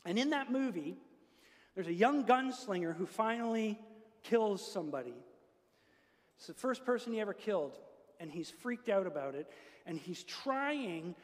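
A man's voice: high-pitched, lively intonation, normal speed, long pauses. A man preaching a sermon as pastor, earnest and building to emphatic peaks. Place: church. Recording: long reverb of a church hall.

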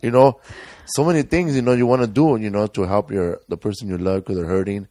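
A man's voice: on the low side, fairly even intonation, fairly quick, warm tone, dry recording, clean studio sound. A man talking in a rambling, emotional way in casual conversation, with joking asides. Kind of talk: casual chat.

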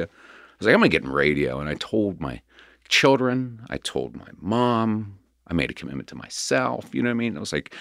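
A man's voice: sits low, expressive, brisk, vocal fry, fairly bright tone, no echo, studio quality. A man talking candidly about his past in an open, self-deprecating way, as a guest in conversation.

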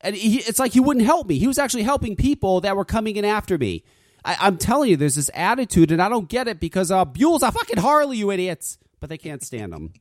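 A man's voice: sits high, very animated, fast, no echo, studio quality. A man hosting a talk radio show, ranting casually with lots of swearing and stammered restarts. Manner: profane, stammering rants.

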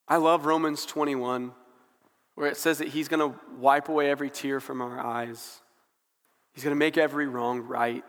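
A man's voice: medium pitch, fairly even intonation, moderate pace, big-room sound. A young man preaching a sermon in a casual, conversational way, often saying "like" and building in fervor as he goes. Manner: conversational, frequent "like" fillers, rising fervor.

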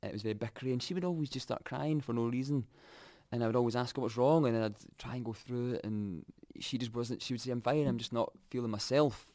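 A young Scottish man telling his own story candidly, reflective and halting, often restarting his sentences. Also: medium pitch, warm tone, no echo, studio quality.

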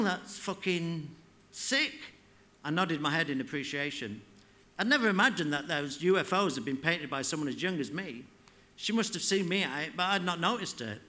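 A man reading his fiction aloud at a live literary event, in a measured, unhurried way. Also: fairly high pitch, pushed and bright. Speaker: author reading.

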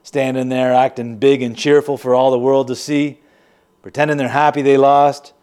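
A man's voice: mid-range voice, level tone, moderate pace, darkish tone, clear, resonant tone, natural voice. An actor playing a bitter, sardonic man confiding in an audio drama monologue. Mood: wry. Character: bitter wry man, family's weary son. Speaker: narrating character.

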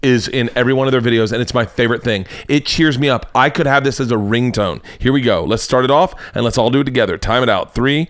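Here a podcast host does casual comedic commentary on videos, profane, rambling and laughing throughout. His medium-pitched voice moves fast, with hardly any pauses, and there's no room sound.

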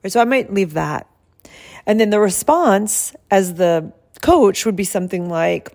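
A woman health coach who explains her service in a soft, calm and soothing way and guides slow breathing. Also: medium pitch.

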